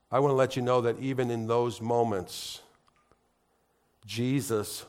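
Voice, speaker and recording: A middle-aged man preaching a sermon in church, conversational and heartfelt, building to emphatic, rising appeals. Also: mid-range voice. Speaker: pastor.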